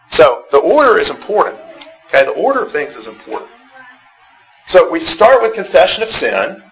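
A man's voice: fairly high pitch, fairly bright tone, poor audio. A man teaching a Bible class, talking conversationally, asking the group questions and often repeating words as he restarts. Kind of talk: interactive church class lecture.

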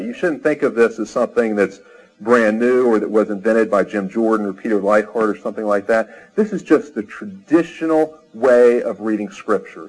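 A man lectures on scripture at a middle pitch, his voice a little husky and breathy. He explains points step by step, reads long quoted passages aloud and often restarts his phrases. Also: low-quality recording. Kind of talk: theology lecture.

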